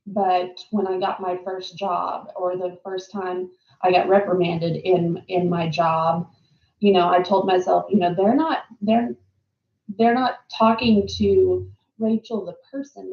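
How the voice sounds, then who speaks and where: Female host, casual reflective monologue, rambling delivery with many ums, gravelly voice, roomy and slightly dull recording. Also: fairly low pitch, fairly even intonation, measured pace. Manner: rambling, frequent ums and word repeats. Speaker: host of a reflective talk series.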